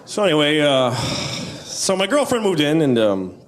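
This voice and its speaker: A man's voice: a little high, sing-song, measured pace. A man doing a stand-up set, with a dry, offhand delivery, fillers and hesitations between jokes. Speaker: stand-up comedian. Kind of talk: stand-up set with deadpan one-line impressions. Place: comedy club stage. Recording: loud crowd and noisy club sound.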